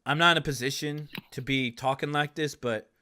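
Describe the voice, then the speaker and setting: A man playing a wary hushed sibling. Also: mid-range voice, close to an everyday voice. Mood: uneasy. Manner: halting, hushed, uncertain.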